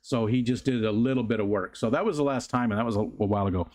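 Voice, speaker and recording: A man's voice: fast talker, hardly any pauses, a little mellow. A man hosting a casual livestream from his home, rambling easily with plenty of fillers as he reads viewer comments. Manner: rambling, easygoing, many fillers; rises to a high sing-song baby voice when talking to his dog. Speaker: livestream host. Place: home room.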